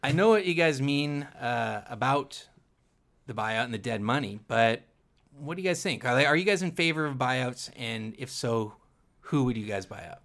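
Relaxed man co-hosting a podcast. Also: mid-range voice, moderate pace, vocal fry. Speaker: podcast co-host. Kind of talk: casual sports chat.

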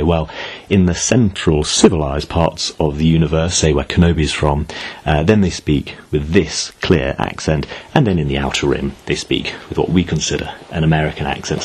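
A man's voice: very deep voice, slight background noise. A man giving a casual, thoughtful commentary, with loose phrasing and the odd filler. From Britain. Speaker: video essay host.

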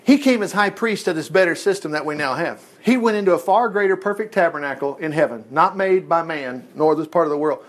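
A man's voice: fairly high pitch, lively intonation, fast talker, hardly any pauses. A man preaching an informal Bible-study sermon, reading scripture aloud and breaking off with folksy comments.

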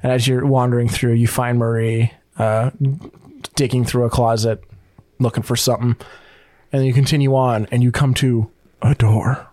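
A man's voice: medium pitch, level tone, moderate pace, darkish tone, no echo. A young man narrating as game master of a tabletop game, rambling and laughing often.

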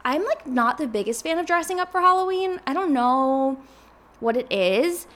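Young woman podcast host, slightly high voice, loose rambling chat. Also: lively intonation, moderate pace, a bit bright. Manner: rambling and chatty, heavy with filler words.

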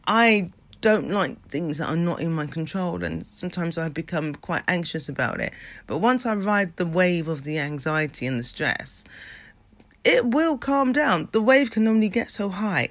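A man's voice: on the high side, no room sound. A man giving a motivational talk about habits and mindset, earnest and emphatic, repeating phrases and checking in with the listener.

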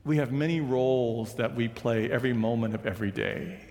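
A man, a pastor, preaching a sermon with slow, emphatic repetition. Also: medium pitch, a little mellow. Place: church sanctuary. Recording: church hall reverb.

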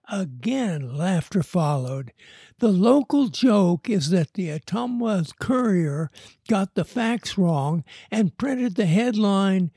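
Husky-voiced man reading a story. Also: high-pitched, very animated, dark tone, dry recording, studio quality. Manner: unhurried, measured storytelling. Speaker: narrator.

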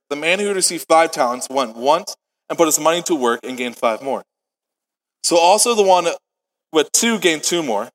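Bright, high-voiced young man preaching to youth. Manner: casual storytelling, acts out dialogue. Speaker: youth pastor. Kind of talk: youth group sermon. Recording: long hall reverb.

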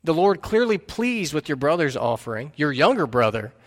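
Male pastor, earnest, keeps questioning the congregation; a touch high-pitched, recorded in a large echoing sanctuary. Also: very animated, normal speed. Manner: earnest, asks listeners questions again and again. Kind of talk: sermon. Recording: long reverb of a large hall.

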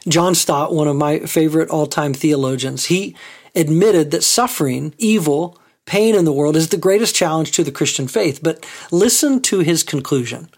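Male pastor, sermon, husky voice, slightly high pitch, conversational, rhetorical questions. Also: moderate pace, a little mellow.

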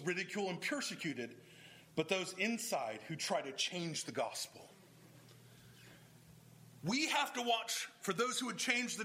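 A male pastor delivering a sermon in a high, bright voice. His pitch swings widely and his tone has a crisp, forward edge. He acts out the voices of the people he quotes. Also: rough recording.

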